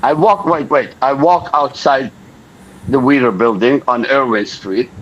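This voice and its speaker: A man's voice: mid-range voice, a little slow. An older man telling a story in an interview, acting out the voices of the people in it. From Lebanon. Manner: animated, acts out the voices of people in his story. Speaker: interview guest. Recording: dull lo-fi recording.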